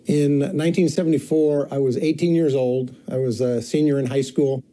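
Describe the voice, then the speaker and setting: A man in his sixties calmly recalling an event from his youth in a documentary interview. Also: mid-range voice, normal speed.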